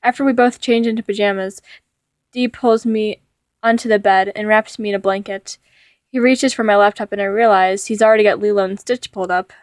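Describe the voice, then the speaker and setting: A woman's voice: medium pitch, fairly even intonation, a little fast, dry recording, studio quality. Woman reading a story aloud. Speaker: narrator reading a fan fiction.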